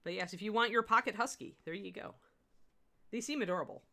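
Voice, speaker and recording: A woman's voice: mid-range voice, fast talker, gravelly, sharp tone. A middle-aged woman giving a live miniature painting demo, chatting and laughing with her viewers as she works. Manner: chatty, rambling, laughs often.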